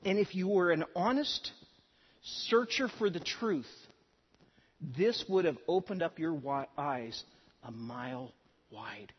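A man's voice: fairly high pitch, slow, breathy edge. A man preaching a sermon in an earnest way, with strong emphasis at times. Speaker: pastor. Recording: dull sound with long hall reverb.

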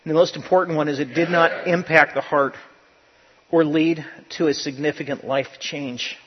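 A man preaching a sermon as pastor, emphatic and often rising to loud, animated bursts. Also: a little high, normal speed, slight background noise. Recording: dull lo-fi sound with long church reverb.

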